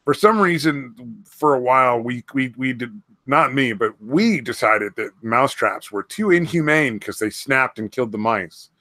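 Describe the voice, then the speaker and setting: Man, podcast co-host, swearing storyteller, bright tone, dry sound. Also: mid-range voice, expressive, measured pace, dry recording. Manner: swearing storyteller, laughs at own stories. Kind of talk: casual podcast chat.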